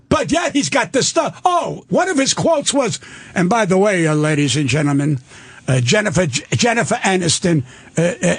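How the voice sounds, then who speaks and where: An older man, a guest comedian, delivering a loud, emphatic, profane comic rant into a studio microphone. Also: sits high, slightly rough, no room sound.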